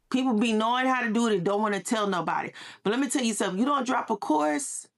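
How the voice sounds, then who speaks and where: Woman commentator, sassy and emphatic, a touch high-pitched. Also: creaky. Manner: sassy, emphatic, repeats points. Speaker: social media commentator. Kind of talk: casual gossip commentary.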